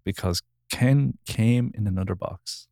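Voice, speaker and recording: A man's voice: on the low side, measured pace, warm tone, no echo, studio quality. A man hosting a podcast, rambling through stories in casual chat and laughing easily. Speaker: podcast host.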